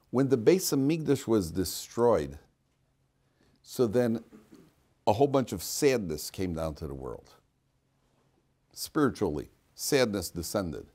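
A man's voice: on the low side, a little mellow. A man teaching a class as a rabbi, talking informally, questioning students and cracking jokes, with frequent restarts.

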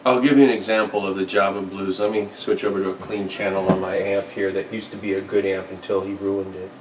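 A man's voice: sits low, little pitch movement, a little fast, recorded from a distance, very noisy. A man hosting a guitar channel, complaining in a satirical mock-outraged rant to the camera. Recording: roomy sound from off-mic.

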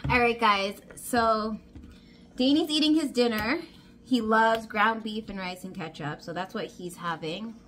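A woman's voice: a little high, a little slow, a bit bright. A woman, a family vlogger and mother, chatting casually to the camera and her kids, often saying "like" and "guys.".

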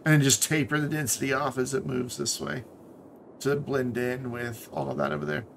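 A man streaming himself playing a city-building game, talking casually in a relaxed, rambling way and trailing off into muttered asides. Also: mid-range voice, normal speed, creaky, a little hiss or hum.

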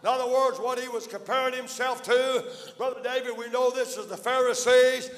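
Man, Southern accent, fiery preacher, very high pitch, long hall echo, repeated refrains. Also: flat delivery, fairly quick. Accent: Southern American. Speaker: pastor. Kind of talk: fiery evangelistic sermon. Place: church sanctuary.

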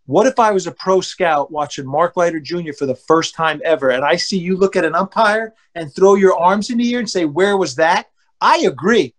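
A middle-aged man with a notably high speaking voice tells stories from his baseball days. He is blunt and plain-spoken, acting out what people said with sudden loud bursts. It is a casual podcast interview. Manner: animated, acts out quotes with loud outbursts. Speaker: former pro baseball pitcher, guest.

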